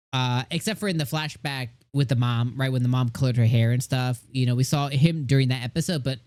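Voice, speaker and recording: A man's voice: mid-range voice, darkish tone, no room sound. A middle-aged man casually reviewing an anime episode, gushing and rambling with many fillers.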